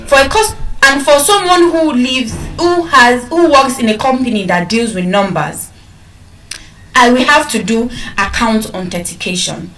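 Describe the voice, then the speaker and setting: A woman with a Nigerian accent giving an animated speech to an audience, acting out customer calls as she tells stories. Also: on the high side, unhurried. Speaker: public speaker. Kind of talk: motivational speech. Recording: echoey hall from far off.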